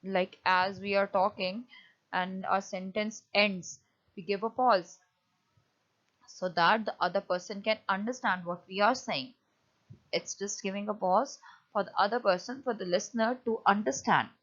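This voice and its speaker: A woman teacher giving a lecture on punctuation, often pausing and restarting as she explains. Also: mid-range voice, fairly even intonation, a bit bright, muffled recording. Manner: hesitant, many fillers and restarts while explaining.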